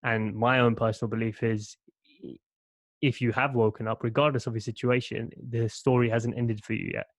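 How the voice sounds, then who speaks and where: A man hosting a podcast in a reflective, conversational tone. He stops and restarts his sentences as he thinks aloud. His voice sits at an ordinary pitch and the recording is dry, with no room sound. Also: level tone, no room sound. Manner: reflective, halting, with false starts. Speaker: podcast host. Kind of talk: conversational interview.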